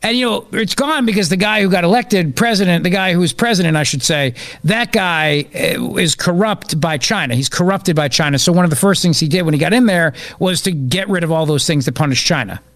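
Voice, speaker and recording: A man's voice: sits high, fairly quick, few pauses, fairly bright tone. A man hosting a political talk radio show, riffing sarcastically on the news.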